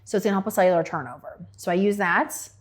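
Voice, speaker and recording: A woman's voice: mid-range voice, quick pace. A middle-aged woman, an esthetician, talking casually and frankly about her skincare routine, with plenty of fillers. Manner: chatty and frank, with lots of fillers.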